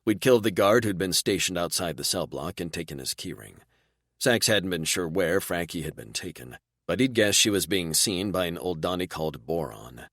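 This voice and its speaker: A male audiobook narrator with a very deep voice tells the story in steady, even first-person narration. The recording is dry and close, with no trace of room sound. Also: normal speed, dry recording.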